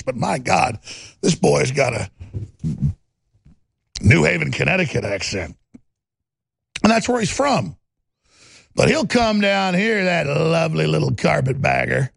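Gravelly, ranting man. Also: on the high side, no room sound. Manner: combative, ranting, sarcastic. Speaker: talk show host. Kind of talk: political commentary monologue.

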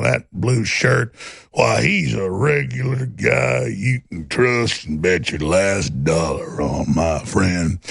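A syrupy huckster drawls his pitch low and slow, each word stretched out. The voice is gravelly and husky, as a man puts him on in a mocking aside. It sounds close and dry. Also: no room sound, full character voice. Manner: slow drawn-out sales patter.

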